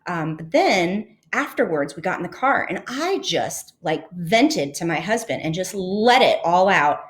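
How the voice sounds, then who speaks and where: A woman's voice: on the low side, very animated, unhurried. A woman podcast host and leadership coach telling a personal story in an earnest, reflective way, with fillers and restarts.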